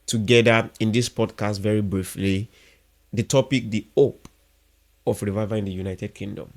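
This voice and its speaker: A man's voice: lowish voice, steady tone, normal speed. A man hosting a faith podcast, asking earnest, emphatic questions of his guest. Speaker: podcast host.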